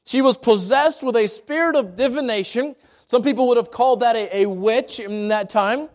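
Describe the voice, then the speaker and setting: High-voiced man preaching a sermon. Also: moderate pace. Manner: earnest, repeats and restarts phrases. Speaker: pastor.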